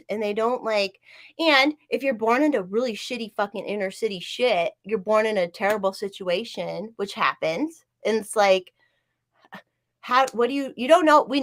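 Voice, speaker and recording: A woman's voice: medium pitch, expressive, moderate pace, fairly bright tone. A woman podcast host in casual chat, talking in a profane, emphatic, rambling way with many fillers.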